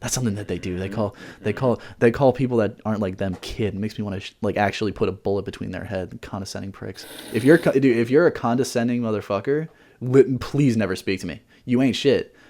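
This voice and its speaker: A man's voice: lowish voice, quick pace, dark tone, slight background noise. A young man co-hosting a podcast, chatting casually in a rambling way, often repeating words and swearing freely. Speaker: podcast co-host.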